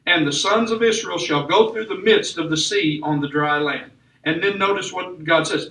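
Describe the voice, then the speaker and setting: A man with a high, bright voice preaches a sermon, driving his points home with emphatic rises and falls. He sounds like he's standing a way back from the mic, and the church room around him echoes. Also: moderate pace, distant mic. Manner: emphatic preaching with rising and falling delivery. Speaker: pastor.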